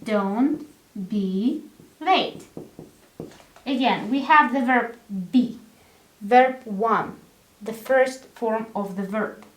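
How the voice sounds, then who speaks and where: Slow, patient woman teaching English. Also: on the high side, echoey room. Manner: patient, repeats examples, keeps checking with "right?". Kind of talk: teaching grammar to learners.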